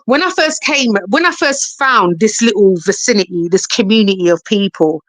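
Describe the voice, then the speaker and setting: A chatty woman with a South London accent, talking as a guest on a live stream. Her voice sits at an ordinary middle pitch and she drops in slang and bits of patois. The sound is dry and close. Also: normal speed, no room sound. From England. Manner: chatty and animated, slipping into patois and Cockney slang. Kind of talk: casual chat.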